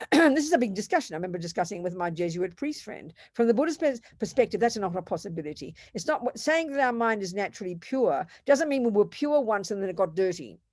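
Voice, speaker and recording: A woman's voice: mid-range voice, sing-song, fast, darkish tone, no room sound, studio quality. An older woman giving an earnest, emphatic Buddhist teaching, repeating phrases for stress. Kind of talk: dharma talk.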